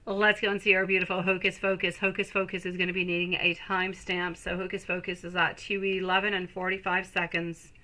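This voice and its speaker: Bright-voiced woman reading tarot live. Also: on the low side, little pitch movement, fairly quick, few pauses, poor audio. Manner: affectionate, calls viewers pet names; soothing, reassuring. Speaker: tarot reader.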